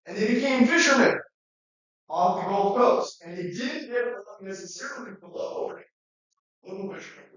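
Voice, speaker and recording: A man's voice: high-pitched, moderate pace. Man lecturing in an echoey classroom. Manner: conversational, animated, acts out quotes. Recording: echoey, distant, dull recording.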